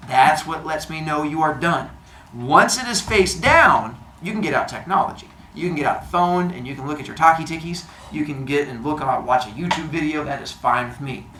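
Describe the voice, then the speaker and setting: Playful male teacher, bright echoey voice. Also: medium pitch, a little hiss or hum. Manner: playful, jokey, silly made-up words. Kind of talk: classroom instructions. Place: classroom. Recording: echoey classroom, faint ambience.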